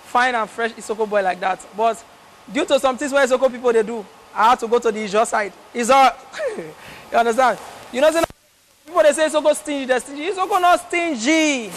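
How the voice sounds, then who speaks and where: A young adult man with a Nigerian Pidgin accent performs live stand-up, telling stories in a chatty, teasing way. His voice is very high-pitched and fairly quick, and a loud crowd fills the noisy venue.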